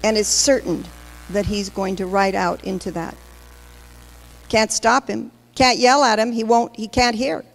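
A woman's voice: medium pitch, fairly even intonation, unhurried, vocal fry. A woman pastor preaching a sermon, emphatic and questioning the congregation directly. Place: large church hall. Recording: long hall reverb.

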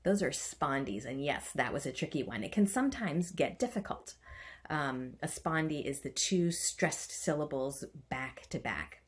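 A woman's voice: sits low, expressive, measured pace. A woman teaching a writing workshop. She chants the stressed beats aloud and adds playful, self-mocking asides. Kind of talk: online writing lesson.

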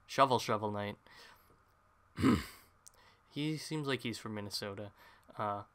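A man's voice: lowish voice, takes it slowly, fairly bright tone. A man giving casual, rambling let's play commentary, chatty and self-deprecating as he plays. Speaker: gaming channel host.

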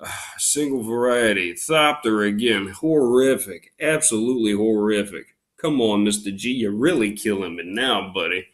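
A man hosting a casual unboxing video who gripes in mock outrage and breaks into loud exclamations. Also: on the low side, moderate pace. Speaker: YouTube unboxing host.

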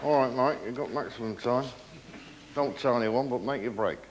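A man acting as co-host and referee on a TV game show, commenting and counting in a playful, drawn-out way. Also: medium pitch. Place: TV studio with live audience. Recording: loud audience and noisy studio.

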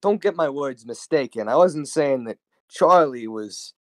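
A man co-hosts a comedy podcast with an unbothered, deadpan delivery. His voice sits in an ordinary middle pitch. The recording is close and dry. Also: measured pace, dry recording. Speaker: podcast co-host. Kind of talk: comedic vtuber podcast banter.

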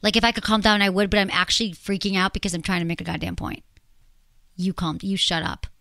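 A woman's voice: mid-range voice, rapid-fire, vocal fry, dry recording, clean studio sound. A woman hosting a relationship advice show, chatting casually and acting out quoted lines. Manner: animated, acts out quoted lines.

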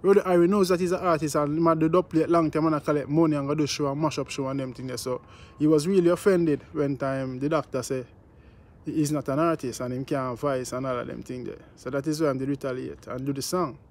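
A man's voice: on the high side, steady tone, fast, darkish tone. A man with a Jamaican accent giving casual commentary on his vlog, repeating himself and often asking "you know what I mean". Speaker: news vlogger.

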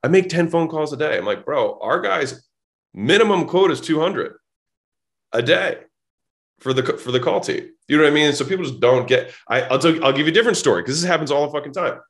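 Speaking briskly in a higher register, a male podcast guest tells casual stories with lively intonation and a fairly bright tone. He's blunt, swears without hesitation, and acts out both sides of the exchanges he recounts.

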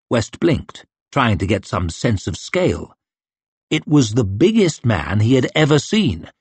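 A man's voice: mid-range voice, breathy edge, dry recording. A man narrating an audiobook in a tense, dramatic reading style. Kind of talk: scripted narration.

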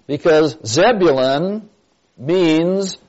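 A man's voice: on the high side, expressive, very slow, darkish tone. A man teaching a church Bible class, stressing key points and quizzing his listeners with questions. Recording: dull lo-fi recording.

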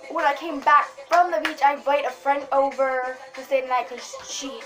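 A young woman chatting excitedly in a casual vlog, rambling with lots of fillers. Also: sits high, normal speed. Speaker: vlogger. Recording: music playing behind.

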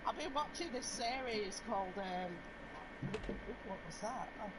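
A woman chatting and telling stories while gaming live, swearing freely and laughing loudly. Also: mid-range voice, animated, unhurried. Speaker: streamer. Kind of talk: casual chat while gaming. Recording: background noise.

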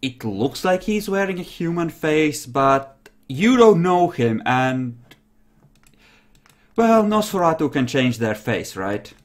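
A young man narrating a tabletop role-playing game as game master, lively and quick to laugh. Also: fairly high pitch.

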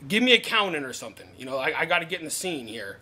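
A man's voice: a little high, very animated, rapid-fire, sharp tone, heavily acted. A man playing a pushy telethon phone operator who claims to be Deadpool, in an improvised comedy sketch. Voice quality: pushy salesman patter.

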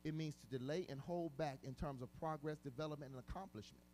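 A man preaching a sermon as pastor, emphatic and colloquial, repeating words and swinging from quiet stretches to shouts. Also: on the high side, quick pace, hardly any pauses, slight background noise. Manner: casual, colloquial speech.

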